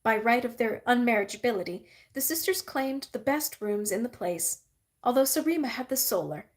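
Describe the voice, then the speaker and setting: A woman reading a novel aloud in a steady, even narrating manner. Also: fairly high pitch, normal speed. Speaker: reader. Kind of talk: audiobook-style novel reading.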